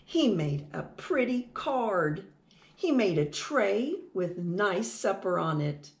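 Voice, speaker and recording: A woman's voice: mid-range voice, big pitch swings, takes it slowly, creaky, echoey room. A woman reading a picture book aloud to children, sing-song and asking them questions. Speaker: children's storytime reader.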